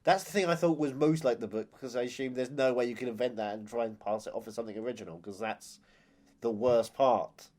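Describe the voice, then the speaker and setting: Male podcast co-host, mid-pitched, playful and teasing, casual banter. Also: quick pace, a little mellow. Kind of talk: casual chat.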